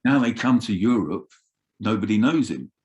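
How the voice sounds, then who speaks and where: An older man telling roadie stories in an animated, swearing way as an interview guest. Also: on the low side, normal speed. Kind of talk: casual storytelling.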